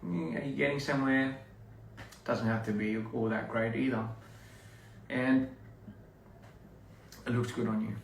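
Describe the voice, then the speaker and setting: A man's voice: medium pitch, fairly even intonation, a little slow, gravelly, pauses often, slight background noise. A young man, chatting casually to fans on a livestream, rambling with many restarts and fillers. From Australia. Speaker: performer talking to fans. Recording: roomy, somewhat distant phone audio.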